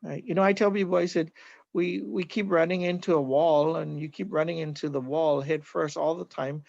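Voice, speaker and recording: A man's voice: fairly high pitch, fairly even intonation, normal speed, creaky, darkish tone, no room sound, lo-fi sound. A middle-aged man from Hawaii, a healer, earnestly explaining his teaching in an interview and often checking in with "right?".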